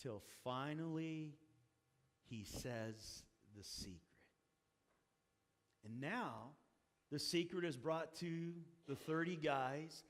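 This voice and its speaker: A male pastor preaching a sermon and telling the story with animated energy, acting out the characters' lines. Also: a little high. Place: church sanctuary. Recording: long hall reverb.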